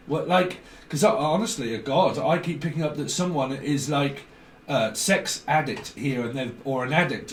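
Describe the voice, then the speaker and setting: A man with a fairly high voice rambles through a psychic reading, jumping from word to word and swearing as he goes. He sits back from the mic in a roomy space with a faint hiss behind him. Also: moderate pace, distant mic. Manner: free-associating, swearing, frequent fillers. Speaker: tarot reader.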